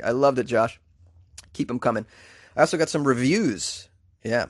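A male podcast host talking in a loose, rambling way, full of fillers and shout-outs to listeners. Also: medium pitch, a little fast, no echo, clean studio sound. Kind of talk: casual podcast chat.

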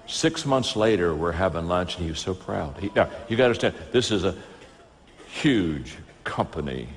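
A man's voice: sits low, normal speed, long reverb tail. A man preaching, telling stories and acting out the dialogue in them. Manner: lively storyteller who acts out dialogue. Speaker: Christian speaker. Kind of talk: storytelling sermon.

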